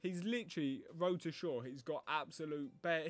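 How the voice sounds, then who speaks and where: A man's voice: fairly high pitch, moderate pace, no echo, soft background music. A man giving live gameplay commentary as a gaming YouTuber. He thinks aloud, groans and pleads at the game.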